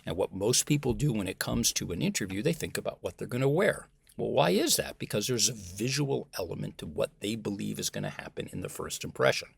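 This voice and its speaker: An American man, a communication professor, talking as a guest in a conversational interview, animated and emphatic. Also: on the low side, a little fast, gravelly, hardly any pauses, slightly rough. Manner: animated and emphatic, acts out example voices.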